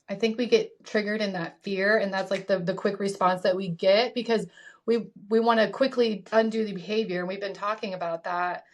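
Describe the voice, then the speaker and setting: A woman in her thirties co-hosting a casual advice chat. She is reflective and conversational, and her speech is full of "like" fillers. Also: medium pitch. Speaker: podcast co-host, parent.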